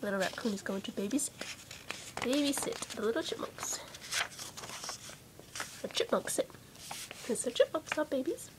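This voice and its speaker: A woman reading a children's picture book aloud, adding soft, chatty asides about the pictures. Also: fairly high pitch, lively intonation, moderate pace, pauses often, background noise. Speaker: storybook reader.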